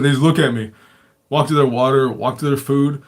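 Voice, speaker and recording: A man's voice: mid-range voice, fairly even intonation, brisk. A man hosting a show, telling his own stories casually, swearing constantly and chuckling often. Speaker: show host. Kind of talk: casual storytelling.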